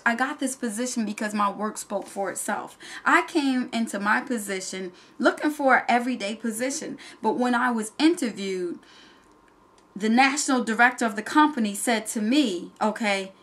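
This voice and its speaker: A woman from New Jersey with a Southern accent speaks in a voice on the high side with a fairly bright tone. A home business entrepreneur, she gives sassy, direct motivational talk in a vlog about starting a business.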